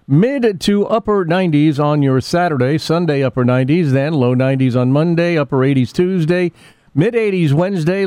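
A man's voice: fairly high pitch, darkish tone, no echo, studio quality. A man hosting a local radio morning show, reading the weather and ads and chatting with callers in a folksy, rambling way. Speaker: radio host.

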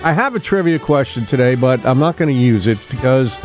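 Over soft background music, a middle-aged man hosts casual morning radio from a local studio. His medium-pitched voice is animated, a little fast, and darkish in tone, and he often chuckles and loses track of his notes.

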